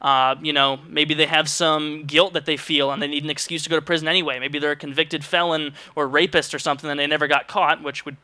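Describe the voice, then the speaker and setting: A man's voice: on the high side, little pitch movement, fast, hardly any pauses, pushed and bright, no room sound. A young man vlogging comedic commentary, with sarcastic, exaggerated rants into a close mic.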